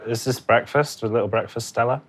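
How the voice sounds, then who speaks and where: A man, reporting and narrating a documentary in a dry, deadpan way. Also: medium pitch, a little fast, slightly rough, dry recording. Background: music bed under narration.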